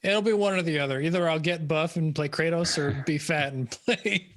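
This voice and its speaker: A man's voice: fairly high pitch, normal speed, a bit bright. A man in casual chat among players, chatty and curious.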